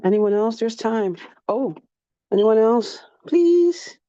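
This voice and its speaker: A woman hosts an online sharing circle and speaks at an unhurried, drawn-out pace. She is effusive and keeps repeating her thanks. The sound is dry and a little dull over the video call. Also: mid-range voice, mellow, dry recording. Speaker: meeting facilitator. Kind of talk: casual group sharing.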